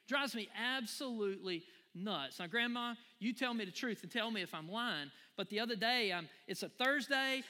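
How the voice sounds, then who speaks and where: A man preaches to his congregation in a lively, folksy way. His voice sits high and bright, and it carries with a long reverb through a large church hall. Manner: animated, folksy, addresses the crowd as y'all. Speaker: pastor. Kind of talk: sermon with personal story.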